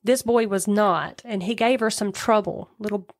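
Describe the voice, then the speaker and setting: A woman's voice: mid-range voice, fairly even intonation, normal speed. A woman co-hosting a podcast, retelling a true-crime case in a chatty way with asides. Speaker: podcast co-host.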